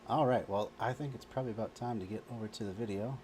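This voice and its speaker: A man's voice: fairly low pitch, fast, a little mellow, slight background noise. A man hosting a casual podcast, often giving short agreeing replies.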